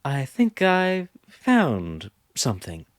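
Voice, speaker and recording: Storybook role: a man playing a gentle young woman, cautious and soft, pitched up a little. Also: wildly swooping pitch, slow pace, dry recording, clean studio sound. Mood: hesitant. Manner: hesitant, soft-spoken.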